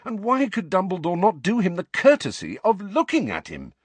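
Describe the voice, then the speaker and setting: A man narrating a story in an expressive, varied scripted reading. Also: high-pitched, moderate pace, slightly rough, no room sound. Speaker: audiobook narrator.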